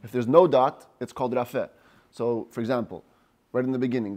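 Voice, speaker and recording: Teaching from a text, this rabbi carefully reads out Hebrew phrases and gives an English explanation for each. His medium-pitched voice has a somewhat dark tone.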